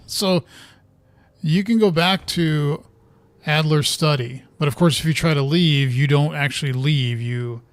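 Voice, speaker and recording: Playing through a horror video game, a man gives relaxed let's-play commentary in a slightly high, unhurried voice, musing aloud and muttering over the in-game notes he reads.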